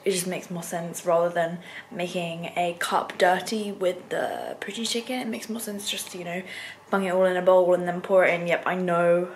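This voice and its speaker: A woman's voice: on the low side, steady tone, moderate pace, slight background noise. A young woman chatting casually to camera at home in her kitchen, playful and talkative while she eats. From England. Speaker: vlogger. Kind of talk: casual vlog chat to camera.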